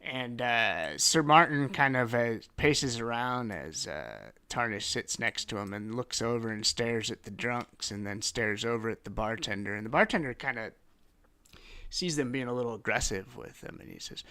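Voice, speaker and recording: A man's voice: medium pitch, lively intonation, normal speed, pushed and bright, clear, resonant tone. A man narrating a tabletop game as game master, in a casual, loose style with many fillers.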